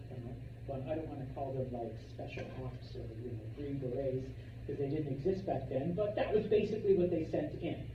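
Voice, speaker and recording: A man's voice: on the high side, far from the mic. A male history teacher gives a casual classroom lecture and keeps checking in with his students. He is recorded from across an echoey classroom. The sound is dull, with faint room noise behind him. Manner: chatty, checks in with frequent "okay?".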